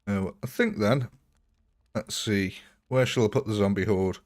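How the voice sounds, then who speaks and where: A man's voice: lowish voice, unhurried, a little mellow. A man chatting casually as he streams a strategy game live, thinking aloud, greeting viewers and laughing often. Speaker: gaming livestreamer.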